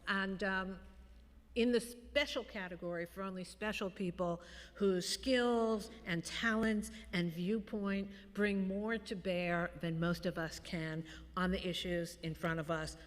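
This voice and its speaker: A woman chairs a public commission meeting from a table microphone, and her voice carries a long reverb through a large chamber. She introduces each member graciously and with light humor, at a medium pitch. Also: fairly even intonation, unhurried.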